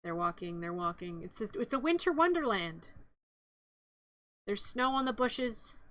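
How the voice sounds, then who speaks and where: A woman's voice: mid-range voice, big pitch swings, measured pace, a bit bright. A woman streamer narrating a movie in a playful, rambling, chatty way with little quips.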